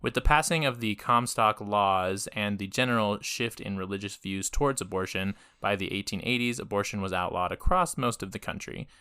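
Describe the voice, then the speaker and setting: A man's voice: fairly low pitch, fairly quick, hardly any pauses, pushed and bright, smooth, no room sound, studio quality. A man co-hosting a podcast in casual chat, laid-back, swearing freely and laughing often. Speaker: podcast co-host.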